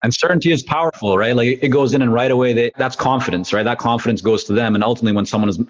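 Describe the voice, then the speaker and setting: A man hosting a podcast interview, speaking in a measured, affirming way. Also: mid-range voice, dry recording. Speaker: podcast host. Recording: dull, dry lo-fi sound.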